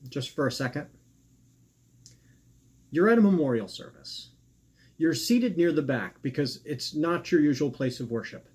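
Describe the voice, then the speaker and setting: A man reading his own personal essay aloud in an earnest, measured way, posing rhetorical questions. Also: fairly high pitch, a little mellow, husky.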